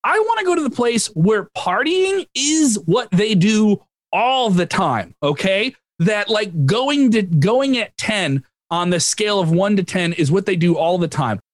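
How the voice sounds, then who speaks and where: A man's voice: high voice, sing-song, measured pace, no room sound. A man on a comedy panel making a rambling, emphatic argument in a dry-sounding room.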